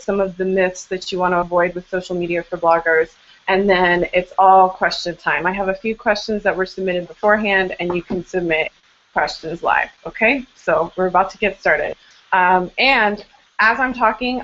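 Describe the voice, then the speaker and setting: A woman's voice: lowish voice, a bit bright, lo-fi sound. An American woman hosting a live blogging Q&A webinar from home, talking in a chatty, informal, self-deprecating way over a video call. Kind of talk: casual live webinar talk. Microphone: webcam on a video call, later a headset.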